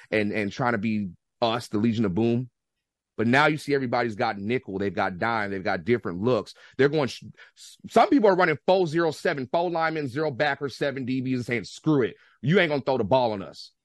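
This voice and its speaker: A man with an American accent talking football on a casual podcast, animated and rambling, with many restarts and slangy outbursts. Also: mid-range voice, no room sound, clean studio sound. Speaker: guest football fan.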